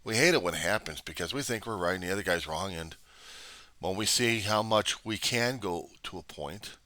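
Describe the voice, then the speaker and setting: Low-voiced and speaking at a moderate pace, this male vlogger sounds bright and forceful through his argumentative political monologue. He leans on rhetorical questions and voices both sides. No room sound is audible.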